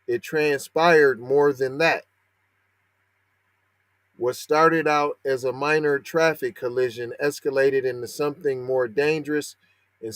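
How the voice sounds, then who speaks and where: A podcast host with a mid-range, fairly bright voice and no room sound reads a news story aloud and talks back to it. His slangy commentary starts sarcastic and rises to heated outrage.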